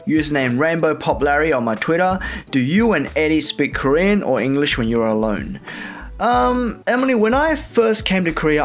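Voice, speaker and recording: Chatty young Australian man hosting radio. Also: on the high side. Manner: chatty and relaxed, with many fillers. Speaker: radio show host. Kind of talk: casual radio chat.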